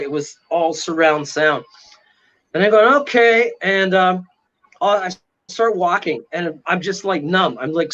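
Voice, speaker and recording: A man, a paranormal investigator, telling a story dramatically as a guest and acting out the voices and sounds in it. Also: fairly high pitch. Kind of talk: animated storytelling. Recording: dull lo-fi audio.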